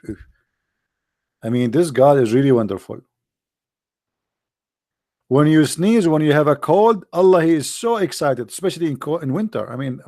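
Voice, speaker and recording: A man delivering a mocking, sarcastic monologue in non-native English, drawling out quoted passages slowly and deliberately. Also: mid-range voice, a little mellow, dry recording, studio quality. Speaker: religion critic commentator.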